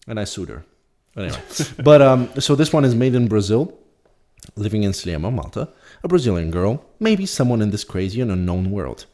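A man's voice: mid-range voice, darkish tone. A young man co-hosting a podcast, chatting casually and reading out dating profiles with a mocking, profane tone. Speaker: podcast co-host. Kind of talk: casual chat.

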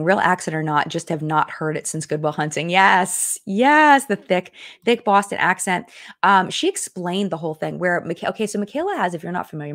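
A woman's voice: sits low, no room sound, clean studio sound. A young adult woman hosting a casual live-stream chat, talking in a chatty, rambling way with lots of fillers and restarts as she answers viewer comments.

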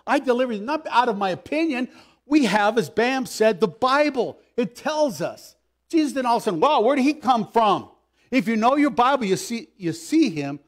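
A man preaching a sermon as pastor, emphatic, swinging between loud pleas and hushed asides. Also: high-pitched.

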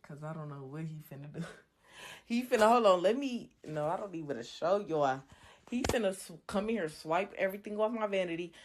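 A drunk woman ranting on a home livestream, brash and taunting, repeating her jabs over and over. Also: mid-range voice. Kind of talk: livestream rant. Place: home bedroom, indoors.

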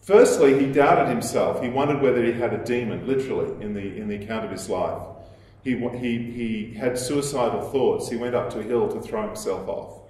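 A man with a lowish voice delivers a lecture in a strongly echoing room. He explains at a measured pace, quoting texts and pausing on the odd filler. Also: darkish tone, slight background noise. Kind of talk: recorded lecture. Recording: very echoey room.

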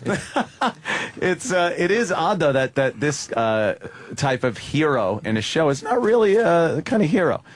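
A man's voice: fairly high pitch, very animated, a little slow. A man hosting a radio talk show, joking brashly and swearing freely. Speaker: radio host.

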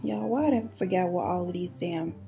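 A woman's voice: fairly low pitch, brisk, vocal fry, mellow, soft background music. A woman, telling a true crime story in a casual, sassy way while doing her makeup at home. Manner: chatty, sassy asides. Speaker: beauty and true crime YouTuber.

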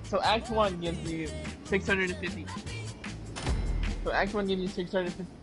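A man's voice: sits high, fairly even intonation, moderate pace, music in the background, rough recording. A man on a game stream with a friend, explaining things in loose, rambling talk. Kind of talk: casual gameplay chat.

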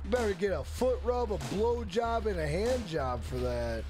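An excitable man streaming a game, cursing loudly at what happens on screen and joking with his chat in a high, animated voice that swings up and down. Game music keeps playing behind him. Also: normal speed. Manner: excitable, profane, loud outbursts; banters with chat and greets viewers. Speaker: gaming streamer. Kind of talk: live gameplay stream commentary.

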